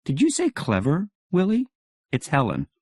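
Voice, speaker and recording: A man reading an audiobook, voicing a sharp, probing wife who is a psychiatrist, with clipped, suspicious questions. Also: on the high side, huge pitch swings, normal speed, husky, dry recording, clean studio sound, pitched above the performer's own voice, full character voice. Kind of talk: audiobook character voice.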